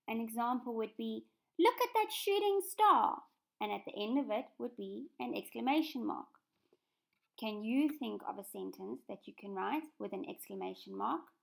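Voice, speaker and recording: A woman walks young children through a recorded lesson in a patient, clear instructional tone. Her voice carries heavy vocal fry and sits slightly high. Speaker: primary school teacher.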